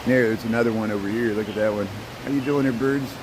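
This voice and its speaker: This vlogger talks quickly in a fairly even, low-side voice while touring a zoo birdhouse, chatting to the birds and often repeating and trailing off. Background noise is audible.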